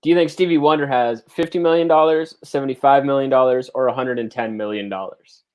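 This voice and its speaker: A man hosting a casual online quiz show over a video call, running the rounds with jokes and quick banter. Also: medium pitch, clean tone. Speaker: game show host.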